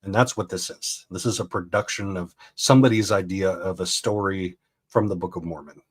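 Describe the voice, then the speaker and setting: Brief: low-voiced male host, rambling, incredulous reaction commentary. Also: fairly even intonation, moderate pace, breathy edge. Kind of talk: casual commentary reacting to a video.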